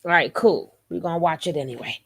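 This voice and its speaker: A woman's voice: sits low, fast, gravelly, breathy edge. A woman hosting a live stream in a casual chat style, playful and teasing as she greets viewers by name. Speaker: livestream host.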